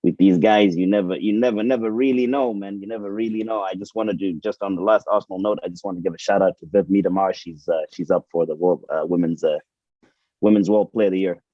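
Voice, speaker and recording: A man's voice: deep voice, fairly even intonation, quick pace, no room sound, dull audio. A man co-hosting a football show, chatting casually and repeating words as he thinks. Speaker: co-host.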